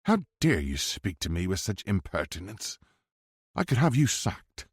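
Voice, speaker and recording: A man's voice: low-pitched, big pitch swings, measured pace, slightly rough, no room sound, studio quality, heavily acted. A man voicing an arrogant, condescending Englishman with a posh English accent. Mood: disdainful. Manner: haughty, crooning, sneering.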